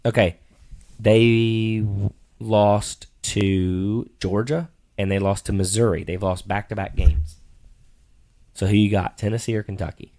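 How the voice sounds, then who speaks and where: A man's voice: lowish voice, fairly even intonation, a little slow, mellow. A middle-aged man co-hosting a casual sports-picks podcast, teasing and playfully bossy as a father.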